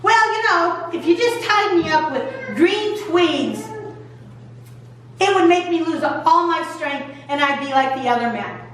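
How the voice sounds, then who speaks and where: A woman's voice: very high-pitched, lively intonation, unhurried, slight background noise. A woman voicing the cocky strongman Samson in a breezy, offhand way, heard from far off in an echoey hall. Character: boastful strongman Samson, young man, cocky.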